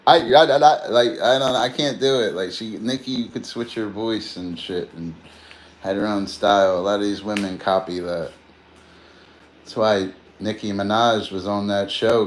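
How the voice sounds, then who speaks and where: A tired man hosting a livestream, chatting casually and drifting between topics, with slang and free swearing. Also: fairly low pitch. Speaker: livestream host. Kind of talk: casual rambling chat.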